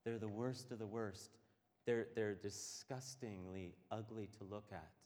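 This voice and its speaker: A man preaching a sermon with a lowish voice. He moves between hushed stretches and loud, passionate ones. A long reverb from a large hall trails his words. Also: steady tone, unhurried. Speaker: pastor. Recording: echoey hall.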